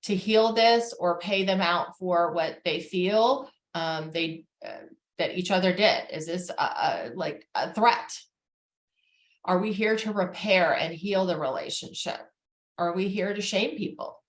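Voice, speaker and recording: A woman therapist giving a calm, measured educational talk on family relationships, with frequent fillers. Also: on the low side, echoey room.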